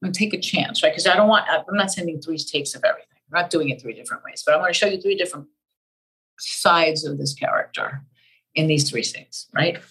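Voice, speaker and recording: An older woman from Cuba, an actress guest in an interview, talking in an animated, emphatic way and repeating key phrases. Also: low-pitched, quick pace, slightly rough, poor audio. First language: Spanish. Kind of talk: interview conversation.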